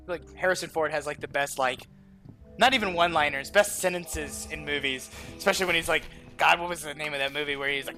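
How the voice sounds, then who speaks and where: High, bright-voiced chatty gamer man. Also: quick pace, faint music behind. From American South. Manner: rambling, chatty, lots of "like" and "um". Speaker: gaming channel host. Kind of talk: casual game commentary.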